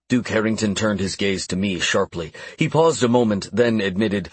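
A man narrating a first-person fantasy story in an expressive storytelling manner, close to the mic. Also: fairly low pitch, moderate pace, hardly any pauses, breathy edge, dry recording. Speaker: audiobook narrator.

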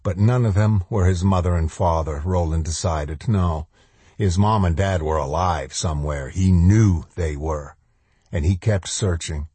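Deep, husky male audiobook narrator. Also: measured pace, dark tone, no room sound. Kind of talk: scripted narration of a novel.

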